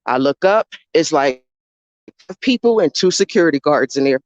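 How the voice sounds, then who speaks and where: A woman's voice: sits low, animated, moderate pace, darkish tone. A woman speaks straight into her phone to people watching live, her talk heated, profane and circling back over the same points. The sound is dull and muffled, and it is dry, with no room echo. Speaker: livestreamer. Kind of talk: live-streamed rant to viewers.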